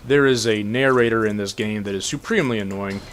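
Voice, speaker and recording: A man casually commenting on a game while he plays, matter-of-fact and relaxed. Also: lowish voice, fairly quick. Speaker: gameplay commentator.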